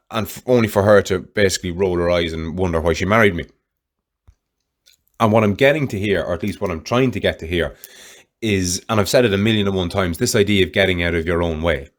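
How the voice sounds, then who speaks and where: A man hosting a solo podcast, talking candidly in a rambling way and swearing freely. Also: sits low. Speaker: podcast host.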